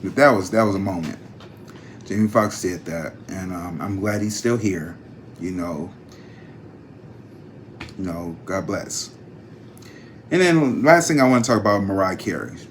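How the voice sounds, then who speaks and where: A man hosting a casual gossip vlog, chatty and slangy, talking straight to his viewers with animated jumps in pitch. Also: measured pace, long pauses, a little hiss or hum. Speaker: psychic channel host.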